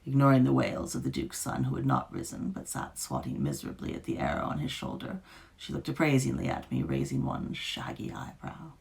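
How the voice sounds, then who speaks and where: A woman author giving an expressive, dramatic live reading of her fiction. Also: very deep voice, a little fast, gravelly.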